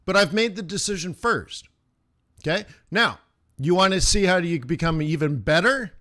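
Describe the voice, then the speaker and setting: A man's voice: high-pitched, lively intonation, sharp tone. Man teaching live chart trading. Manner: chants chart moves in rhythmic bursts; casual, talks straight to viewers with quick rhetorical questions. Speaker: forex trading instructor.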